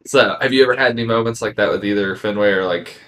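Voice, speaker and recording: A man telling a story in a loose, rambling way and leaning on "like" again and again. His voice sits a little low, with nothing forced about it. It sounds like an easy, casual podcast chat. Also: fast talker, fairly bright tone. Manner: rambling, heavy use of "like" fillers.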